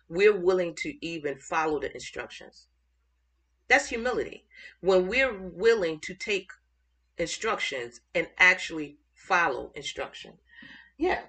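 Speaking on the low side, a woman teaches the Bible informally and with excitement, pausing mid-thought as she looks for verses.

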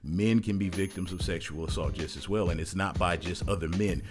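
A man with a deep, low voice talks through a heartfelt monologue. He is earnest and emphatic, piling up repeated words as he presses his point. Soft music plays faintly behind him. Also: a little fast. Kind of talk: casual monologue.

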